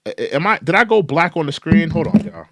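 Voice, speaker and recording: Young black guy ranting on his stream, kinda high voice, swings all over. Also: big pitch swings, fast talker, crowd noise. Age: young adult. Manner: reads documents aloud and riffs on them. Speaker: commentary channel host. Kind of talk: casual livestream commentary.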